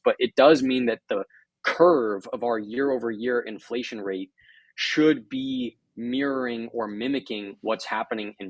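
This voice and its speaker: A man's voice: medium pitch, dry recording. A man as an interview guest, explaining market data fluently and step by step. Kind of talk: casual interview commentary.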